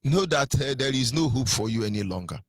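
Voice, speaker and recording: A man's voice: mid-range voice, expressive, brisk, no echo. A man with a Nigerian accent giving a fiery political sermon on radio, asking rhetorical questions and half-singing some phrases. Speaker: activist radio speaker.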